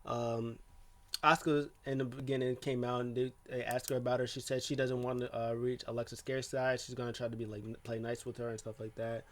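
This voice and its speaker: A man's voice: medium pitch, flat delivery, a little fast. A man casually recapping a wrestling show, rambling and heavy with fillers and restarts.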